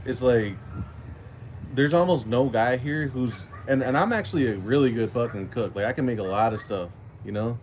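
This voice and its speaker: A man's voice: medium pitch, normal speed, lo-fi sound, slight background noise. Profane, rambling man on a casual stream. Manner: rambling, profane, laughs often. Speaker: channel host. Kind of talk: casual livestream chat.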